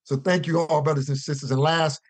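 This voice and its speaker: A caller from the US East Coast joins a religious conference call to deliver an earnest, preacher-style testimony, drawing out his key words. His voice is fairly high, flat in delivery, and fairly quick, with no echo.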